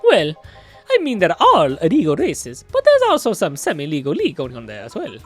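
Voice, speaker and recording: A man's voice: on the high side, huge pitch swings, fairly quick, soft background music. A man voicing a nervous young delivery boy in a video game, stammering and hesitant. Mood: plain. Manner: stammering, hesitant, lots of uhs.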